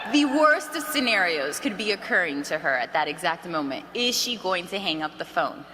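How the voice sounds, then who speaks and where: A woman giving an energetic sales training talk to a room, coaxing the audience with questions. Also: on the low side, normal speed. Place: large hall with an audience. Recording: archived talk in a roomy hall with faint noise.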